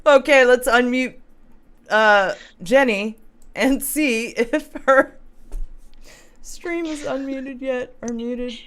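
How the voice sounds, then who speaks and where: A woman's voice: high voice, slow, pauses often, fairly bright tone. A woman hosting a call-in show, chatting casually and laughing often. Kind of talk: casual chat.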